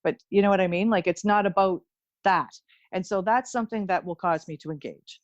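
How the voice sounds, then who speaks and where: A woman's voice: mid-range voice, a little fast, no echo, dull audio. A woman from Ontario, Canada, a guest on a casual podcast, talking bluntly with plenty of swearing and frequent laughter. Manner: blunt, profane, laughs often. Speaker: guest, intuitive medium and Reiki teacher.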